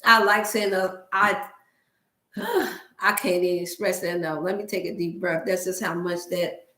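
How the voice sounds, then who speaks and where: A woman's voice: on the low side, normal speed, pushed and bright. Heartfelt woman host with Black dialect. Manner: emotional, preachy, speaks to viewers as family. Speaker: wellness livestream host. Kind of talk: casual livestream talk to viewers. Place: home room. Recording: roomy echo.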